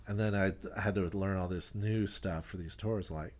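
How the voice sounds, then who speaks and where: A man, a touring musician, chatting in an interview with animated, rambling talk full of restarts. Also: low-pitched, normal speed. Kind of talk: casual interview chat.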